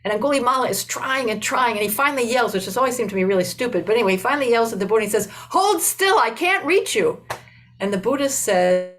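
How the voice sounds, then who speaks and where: An older woman giving a Buddhist dharma talk, telling a story in an unhurried, conversational way with many "you know"s and restarts. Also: on the high side, low-quality recording.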